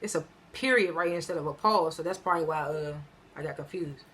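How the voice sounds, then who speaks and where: A woman's voice: sits low, fairly quick, fairly bright tone. A woman giving a casual, slangy recap of a TV episode, retelling scenes as loose quotes and correcting herself as she rambles. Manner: rambling with frequent fillers and self-corrections. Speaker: TV episode reviewer.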